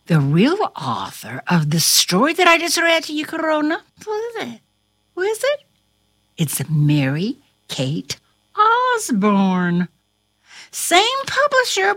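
A woman's voice: high voice, a bit bright, no echo. A woman reading a storybook aloud with theatrical flair, dropping to whispers and rising to cries, then chatting with her listener.

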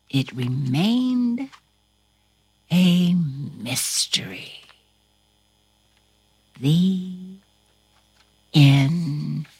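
A woman reading a storybook aloud and talking straight to her listeners, with a highly expressive, dramatic delivery. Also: husky, no room sound, studio quality.

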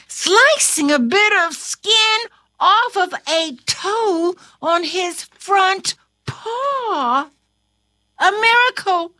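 A woman reading a storybook aloud and talking straight to her listeners, with a highly expressive, dramatic delivery. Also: no room sound.

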